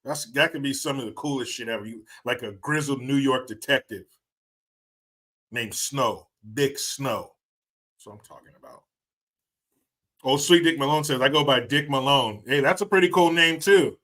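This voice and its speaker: A middle-aged man hosting a casual live stream speaks at a moderate pace, his mid-range voice bright and forward. He keeps things loose with viewers, joking, laughing often and swearing freely.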